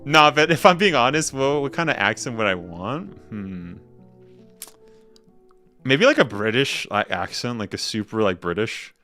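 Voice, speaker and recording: A man's voice: medium pitch, very animated, a little slow, bright, forceful tone, faint music behind. A young man chatting casually with viewers on a game stream, laughing often and tossing in slangy asides. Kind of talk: casual live-stream chat.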